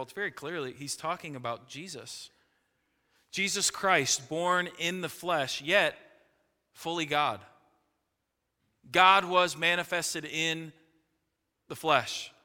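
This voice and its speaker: Male pastor, sermon delivery, slightly high and very bright, emphatic swings in volume. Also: a little slow, pauses often, big-room sound. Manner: emphatic preaching, rising to loud peaks then dropping low.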